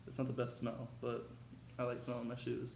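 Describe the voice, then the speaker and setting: A young man hosting a casual unboxing vlog, talking in an excitable, slangy, hyped way. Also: mid-range voice, a little fast, vocal fry, noisy background. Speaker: vlogger. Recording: echoey room.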